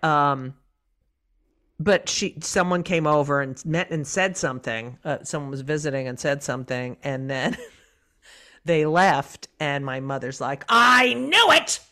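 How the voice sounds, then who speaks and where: A middle-aged woman comedian, a guest on a casual podcast, tells stories in an animated, profane way. Her voice sits low.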